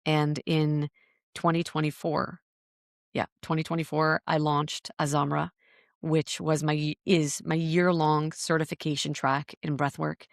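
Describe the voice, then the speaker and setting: A woman's voice: low voice, level tone, a little slow, gravelly, dry recording, studio quality. A woman guest on a podcast telling her story in an earnest, searching way, often repeating words as she thinks. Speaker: podcast guest, breathwork teacher. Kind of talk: reflective interview storytelling.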